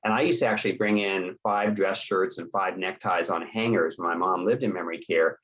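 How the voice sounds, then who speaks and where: Low, husky-voiced man presenting a webinar. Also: fairly quick, fairly bright tone. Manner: conversational, checks in with "okay?" and acts out sample dialogues. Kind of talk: instructional webinar talk. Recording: dull lo-fi webinar audio.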